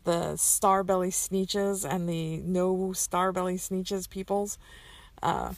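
Woman w a gravelly lowish voice just chatting thru questions, lots of ums, dry sound. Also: level tone, slow pace, dry recording. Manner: rambling, many fillers and self-corrections. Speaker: community member answering questions. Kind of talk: casual answering of question list.

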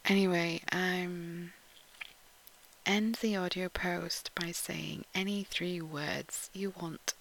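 A woman from Yorkshire with a posh English accent, chatting in a casual audio post and reading out word lists, often dropping to a soft whisper and giggling between words. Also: on the low side, steady tone, slow pace, gravelly, poor audio. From Yorkshire, England. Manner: giggly, with frequent ums.

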